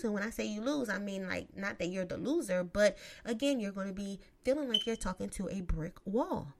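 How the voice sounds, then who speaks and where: Lively, sassy woman with a swooping voice. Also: fairly high pitch, brisk. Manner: profane, emphatic, sassy asides. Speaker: vlogger giving relationship advice. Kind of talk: casual advice monologue.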